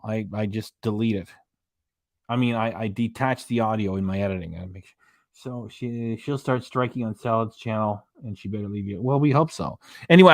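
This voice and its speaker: A man with a mid-range voice hosts a casual reaction livestream, rambling between topics. He chats away, reading viewer comments and web pages aloud, and the studio-quality audio carries no room sound.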